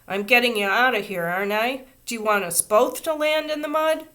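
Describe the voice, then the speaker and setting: A cross, grudging schoolboy on traffic duty, read aloud by a woman from a storybook. His lines come out gruff and put-upon, pitched a touch above her own reading voice. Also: a little fast, sharp tone. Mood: bossy. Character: grumpy schoolboy traffic guard.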